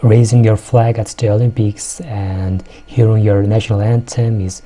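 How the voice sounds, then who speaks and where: A man with a Mongolian accent, a native Mongolian speaker, earnestly explaining what an event means to his country, with frequent pauses and fillers. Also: lowish voice, flat delivery, dark tone. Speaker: show host explaining culture. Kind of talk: explanatory commentary.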